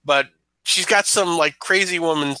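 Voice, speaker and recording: A man running a tabletop horror game as game master, narrating in an animated, chatty way with playful menace. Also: a little high, moderate pace, dry recording, poor audio.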